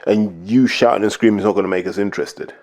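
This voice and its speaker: A man's voice: fairly low pitch, fast talker, darkish tone. A man giving blunt, opinionated commentary on a podcast, emphatic and hammering his points home. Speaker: podcast host, boxing pundit.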